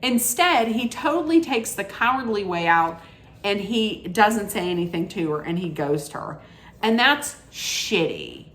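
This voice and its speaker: A woman's voice: medium pitch, very animated, measured pace, a bit bright, reverberant. A woman hosting a reality TV recap, giving blunt, judgmental commentary in an opinionated rant.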